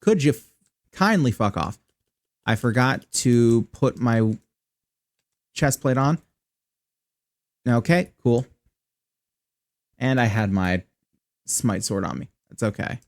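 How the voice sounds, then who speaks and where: A man's voice: mid-range voice, lively intonation, takes it slowly, long pauses. A man chatting wryly through casual live gameplay commentary, swearing when annoyed, on a close desk mic run through a voice changer app. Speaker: streamer.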